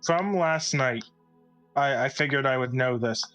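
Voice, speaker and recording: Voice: medium pitch, a little slow, fairly bright tone, faint music behind. Curious tabletop player asking questions. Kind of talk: casual tabletop role-play.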